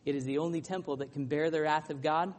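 Male preacher, high register, impassioned sermon delivery that swings between loud peaks and hushed lows. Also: steady tone, fast talker. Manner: impassioned preaching, rising to loud peaks then dropping low.

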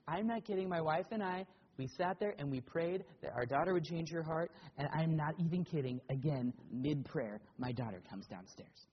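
A man preaching a sermon as pastor, earnest and animated, telling personal stories with emphatic swells. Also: normal speed, long reverb tail, lo-fi sound, slight background noise. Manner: animated storytelling with emphatic rises in pitch and loudness.

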